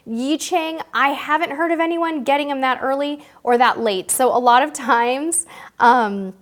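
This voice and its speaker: Woman, fairly high voice, bubbly chatty live-stream host. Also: a little slow. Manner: bubbly, chatty, emotional, self-deprecating. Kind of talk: live-stream Q&A, reading viewer questions.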